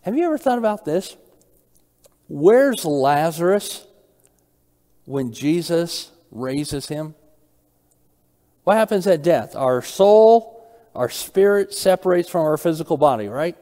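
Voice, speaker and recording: A man's voice: a little high, expressive, slow pace, long pauses, warm tone, big-room sound. A man preaching a Bible study sermon. He asks his listeners questions, repeats key phrases and reads verses aloud.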